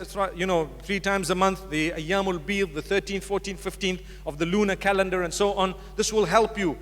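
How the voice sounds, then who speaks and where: An Islamic preacher gives a public religious lecture to a live audience, speaking directly and with humor. His voice sits high with a fairly bright tone, and the lecture hall adds a long reverb.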